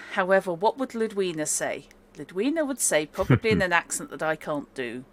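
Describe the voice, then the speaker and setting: Woman, solo tabletop game player, lively pitch, faint background hiss. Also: moderate pace. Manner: chatty, exclaiming and dithering over choices. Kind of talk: playing a solo tabletop game, reading choices aloud.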